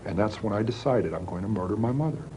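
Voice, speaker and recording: A man from the United States speaking slowly and haltingly in a recorded interview. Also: lowish voice, lively intonation, dark tone, slight background noise, rough recording. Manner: slow, halting, measured.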